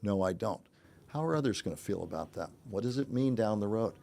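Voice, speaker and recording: A man's voice: on the low side, animated, a little fast, vocal fry, warm tone. An older man hosting a casual podcast chat, reflective and chuckling, with many restarts. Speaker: podcast host, journalism teacher.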